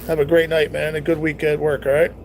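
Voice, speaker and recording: A man's voice: fairly high pitch, level tone, brisk, gravelly, slight background noise. A young man hosting a casual live stream at home, reading viewer comments and chatting in a laid-back, teasing way with plenty of swearing.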